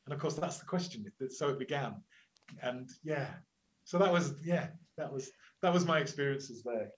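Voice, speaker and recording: A man's voice: mid-range voice, moderate pace, low-quality recording. Older male academic guest, chatty storyteller who stumbles and restarts, puts on voices in quotes. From England. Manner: lively anecdotal telling with many restarts and acted quotes. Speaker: climate scientist and lecturer, interview guest. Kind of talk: storytelling interview answers.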